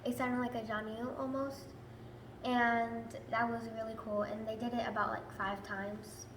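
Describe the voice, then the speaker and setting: Young-sounding woman, flat and halting. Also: on the high side. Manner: halting, many fillers, plain recounting. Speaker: attendee giving testimony. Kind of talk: hesitant personal testimony. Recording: roomy echo with faint noise.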